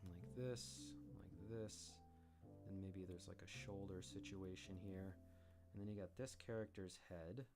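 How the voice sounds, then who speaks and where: A man streaming his drawing session live, thinking aloud in a relaxed, self-deprecating way as he works. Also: deep voice, unhurried. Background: guitar music.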